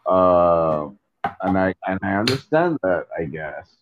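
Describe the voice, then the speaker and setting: A man talking casually in an interview, halting, with many fillers and repeated words, on a phone line. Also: sits low, animated, background noise.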